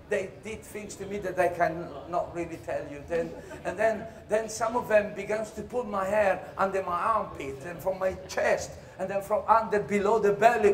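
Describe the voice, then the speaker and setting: High-voiced man telling a comic tale. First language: Italian. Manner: animated storytelling, jumps into shouted voices and laughter. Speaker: stage performer. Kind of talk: theatrical comic monologue.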